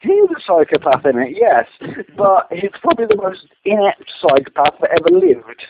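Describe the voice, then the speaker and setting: Man, higher voice, defensive stammerer, tinny lo-fi line with faint hiss. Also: huge pitch swings, moderate pace. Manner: defensive, stammering, many restarts. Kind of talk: casual argument.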